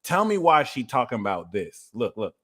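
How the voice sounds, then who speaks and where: A man hosting an astrology reading livestream, talking in an animated, profane rant and sometimes shouting. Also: mid-range voice, normal speed, breathy edge. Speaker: astrology reader.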